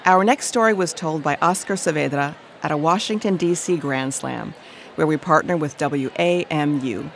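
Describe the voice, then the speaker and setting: A woman radio host reading a measured, scripted introduction. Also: sits low, creaky, a little hiss or hum.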